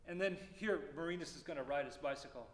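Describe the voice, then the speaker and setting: A man teaching a music clinic, explaining phrasing and singing rhythms aloud with lively syllables. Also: fairly high pitch, fast. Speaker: percussion clinician. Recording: roomy hall reverb, faint noise.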